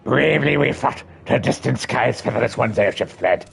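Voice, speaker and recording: A man voicing a proud, excitable male birdman from a game who squawks and talks in backwards word order. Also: mid-range voice, moderate pace, vocal fry. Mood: agitated. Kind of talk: reading game dialogue aloud.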